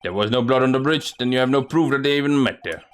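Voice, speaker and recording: A man's voice: medium pitch, fast, clean tone, natural voice. A man voicing a stern, fussy old male judge who scolds the court.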